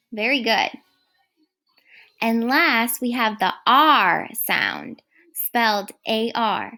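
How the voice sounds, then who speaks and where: Slow-speaking woman teacher. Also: a little high, pushed and bright. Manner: slow, clear, encouraging teacher talk. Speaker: first grade teacher. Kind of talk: recorded phonics lesson.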